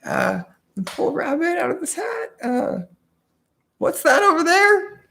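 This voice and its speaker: A woman voicing a sly trickster magician in a mocking, high-pitched showman patter. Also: sing-song, a little slow, vocal fry, fairly bright tone, heavily acted. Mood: mocking showy.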